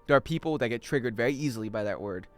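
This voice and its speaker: A man chatting casually and joking with his chat while he plays a game on a livestream, swinging between loud outbursts and mumbled asides. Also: medium pitch, expressive, racing, faint music behind. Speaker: game streamer.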